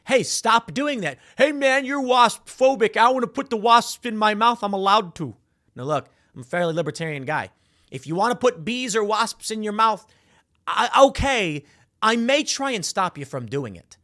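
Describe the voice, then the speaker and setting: Male political commentary host, lively and sarcastic, pitch jumping around, acts out quotes for emphasis. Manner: animated and sarcastic, acting out voices for emphasis.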